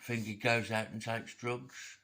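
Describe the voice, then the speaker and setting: A man's voice: on the low side, flat delivery, unhurried, pushed and bright, slight background noise. A man, teasing and joking in a silly way through a casual home chat. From Tamworth, England.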